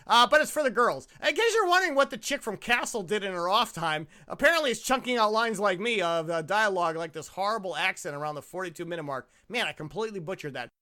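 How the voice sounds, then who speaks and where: Tipsy guy ranting about a bad movie, swears a lot, bright voice that jumps all over. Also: sits high, animated, fast talker, few pauses. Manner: rambling, profane and sarcastic. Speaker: podcast co-host. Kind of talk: casual movie review banter.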